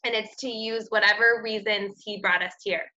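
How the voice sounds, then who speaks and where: A woman's voice: mid-range voice, fairly even intonation, moderate pace, pushed and bright. A woman coaching her team with an earnest, upbeat motivational talk about gifts and purpose. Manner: earnest, upbeat, faith-based encouragement. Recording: dull lo-fi audio.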